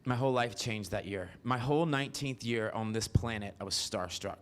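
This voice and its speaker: A man in his forties from the American South, telling brash, profane stories on a theater stage with sudden high squeals. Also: fairly quick. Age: 40s. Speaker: stand-up storyteller. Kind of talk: stand-up comedy storytelling.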